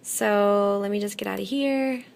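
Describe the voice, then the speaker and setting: A woman teaching a classroom lesson, patient and methodical, often pausing to check in. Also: medium pitch, steady tone, vocal fry, darkish tone. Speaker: Spanish teacher.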